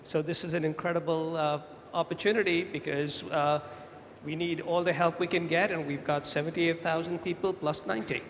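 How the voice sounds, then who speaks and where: A man with a fairly high voice answers on stage with confident emphasis. His voice rings in a long hall reverb. A faint ambient hum sits underneath. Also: fairly even intonation, a little fast. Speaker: company executive.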